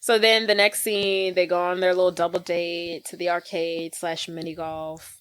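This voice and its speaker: A woman's voice: fairly low pitch, moderate pace, clean tone, dry recording. A woman co-hosting a podcast, recapping a movie in casual, slangy chat and acting out quotes. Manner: animated, slangy storytelling with acted quotes. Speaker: podcast co-host.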